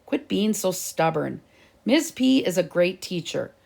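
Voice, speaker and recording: A woman's voice: on the low side, animated, a little slow, darkish tone. A woman reading aloud and voicing a patient, earnest schoolgirl who sides with the teacher. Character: patient, know-it-all schoolgirl. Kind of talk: storybook reading.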